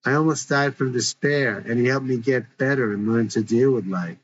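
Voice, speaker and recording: A man's voice: medium pitch, moderate pace, natural voice. Earnest helpful young woman, read by a man, insistent, worried, dull lo-fi sound. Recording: dull lo-fi recording.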